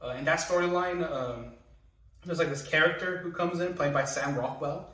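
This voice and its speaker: A young man with a fairly high voice talks through a TV season in a loose, rambling way, peppered with swearing and little laughs. He sits a bit back from the mic in a roomy, echoing space. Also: moderate pace, sharp tone, recorded from a distance. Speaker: TV reviewer. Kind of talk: casual spoken review.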